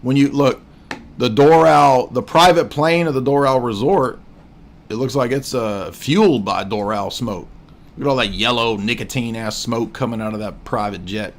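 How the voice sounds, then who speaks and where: A man in his forties hosts a casual livestream, mocking and joking as he rambles through his commentary. His voice sits at an ordinary, mid-range pitch. He restarts his sentences often. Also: normal speed. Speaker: livestream host.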